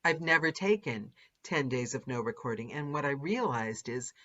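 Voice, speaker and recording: A woman's voice: extremely low pitch, moderate pace. A woman podcast host who narrates audiobooks, chatting casually and animatedly with a guest. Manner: animated, laughs often, lively mimicry. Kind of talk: casual interview chat. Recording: dull lo-fi audio.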